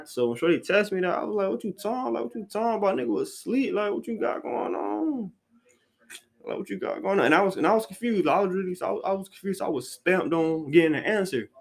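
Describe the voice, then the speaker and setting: A man hosting a podcast, ranting casually about what he hates, rambling and repeating himself with blunt, profane slang. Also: medium pitch. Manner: restarts sentences often, with lots of "like" fillers. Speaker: podcast host. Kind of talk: casual solo rant.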